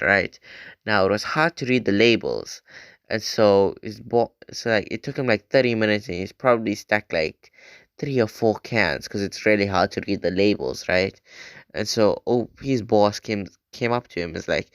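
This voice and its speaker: Low, smooth young man narrating casually. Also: moderate pace, no room sound. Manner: relaxed, frequent "like" and "right?" tags. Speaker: channel host retelling an online post.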